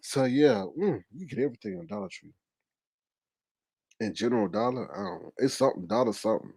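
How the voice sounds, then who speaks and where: A man hosting a live stream in casual chat, animated, often laughing and exclaiming. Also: on the high side, fairly quick, creaky, breathy edge, dry recording.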